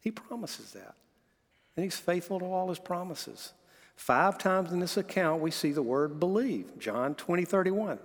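A man's voice: a little high, gravelly. Man preaching in a reverberant hall. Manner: earnest preaching with storytelling and scripture reading. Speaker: pastor. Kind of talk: sermon.

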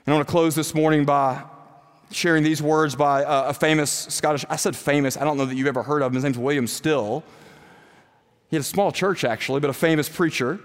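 A pastor giving an earnest sermon, asking the congregation rhetorical questions. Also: male voice, fairly high pitch, steady tone, brisk. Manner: earnest preaching with rhetorical questions, growing quiet and soft near the end. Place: church sanctuary. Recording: long reverb of a church hall.

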